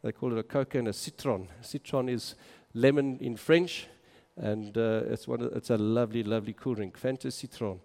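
A man's voice: mid-range voice, normal speed, creaky, few pauses, mellow. A man, a minister, narrating travel photos in a casual, enthusiastic and exclaiming way. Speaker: minister on a mission trip. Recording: long hall reverb.

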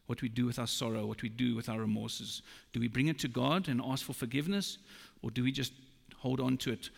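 A man preaches a sermon in a slow, emphatic way, with a gravelly edge to his voice. His words ring out with the long reverb of a large hall. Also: mid-range voice.

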